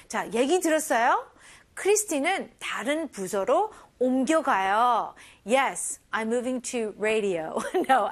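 A woman teaching English, her voice high and her intonation swooping widely. She is upbeat and expressive, moving back and forth between English and as she explains phrases and models them. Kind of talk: bilingual language lesson.

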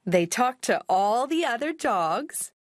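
Woman storyteller for a picture book: high, animated, unhurried read-aloud. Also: faint music behind. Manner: slow, expressive, clearly paced.

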